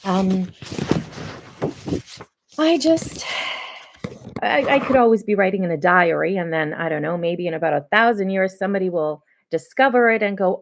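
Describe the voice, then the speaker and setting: A woman speaking in a personal video diary to her daughters, halting with many pauses and close to tears. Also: medium pitch, vocal fry. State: tearful, close to crying. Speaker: mother addressing her daughters.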